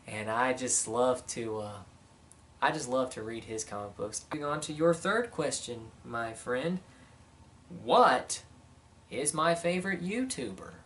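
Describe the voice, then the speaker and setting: A man's voice: mid-range voice, unhurried, a bit bright, distant mic, a little hiss or hum. A man answering viewer questions in a casual vlog, rambling and chatty, with many fillers. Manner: rambling, chatty, lots of "you know" and "uh". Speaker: vlogger.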